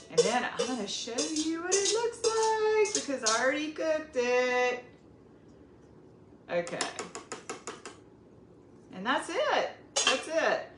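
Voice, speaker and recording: A woman with a Southern US accent hosting a casual cooking demonstration, chatting straight to her viewers. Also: sits high. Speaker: cooking video host. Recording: echoey room with faint background noise.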